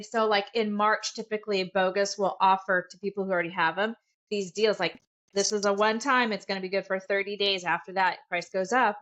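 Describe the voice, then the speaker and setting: A woman co-hosting a podcast in casual chat, animated and swearing, acting out quotes. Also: medium pitch. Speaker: podcast co-host. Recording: dull lo-fi podcast audio.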